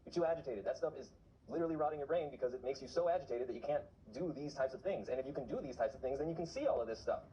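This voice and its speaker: A man's voice: medium pitch, rapid-fire, mellow, dull audio, a little hiss or hum. A man talking to camera in a casual vlog, urgently exhorting his viewers. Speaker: vlogger on remote viewing.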